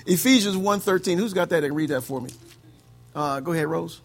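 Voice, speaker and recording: A man preaching as pastor at a church service, his voice pitched high with a gravelly, creaky edge. He talks to the congregation in an easygoing, chatty way, dropping "amen" between points. He chuckles along as he goes. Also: fairly quick. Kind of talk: sermon.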